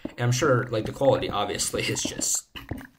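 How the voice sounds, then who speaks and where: Chatty young man on a noisy mic. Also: moderate pace. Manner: rambling, chatty, playful. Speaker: gaming channel host. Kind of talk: casual chat while playing. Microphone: low-quality desk microphone. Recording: noisy low-quality home mic.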